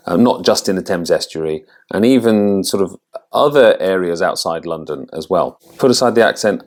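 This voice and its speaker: A man working as an accent coach, thinking aloud as he rates quiz answers, with halting restarts. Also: deep voice. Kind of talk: casual commentary on a quiz.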